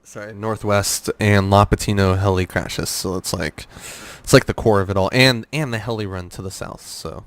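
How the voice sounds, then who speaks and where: A young man talks casually as a guest on a gaming podcast, rambling with plenty of fillers and false starts. His voice sits low and sounds smooth and clean. The sound is dry and close. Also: fairly even intonation, moderate pace, few pauses, dry recording. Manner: rambling storyteller, many fillers and restarts.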